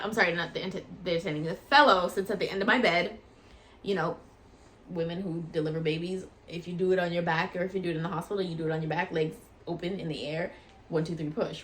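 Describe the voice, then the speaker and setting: A woman vlogger casually telling a personal story in a chatty, animated way, acting out what people said. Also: on the low side, slight background noise. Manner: chatty and animated, acts out quoted voices.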